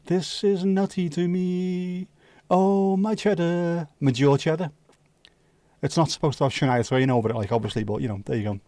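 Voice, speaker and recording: A man hosting a livestream, chatting casually with viewers and cracking sweary jokes and quick asides. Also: fairly high pitch, warm tone, no room sound. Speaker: livestream host. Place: home livestream setup.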